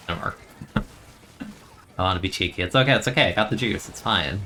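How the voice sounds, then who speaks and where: A man's voice: deep voice, fairly quick, pauses often, pushed and bright, slight background noise. A young man streaming a video game, chatting in a rambling, easygoing way and laughing often. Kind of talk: casual gameplay commentary.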